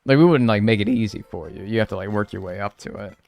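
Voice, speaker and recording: Gravelly, a little mellow and fairly low, this man's voice goes fast over soft background music. Streaming a video game, he chats loosely with viewers, answers their messages, and says "dude" and "like" a lot in his laid-back, slangy way.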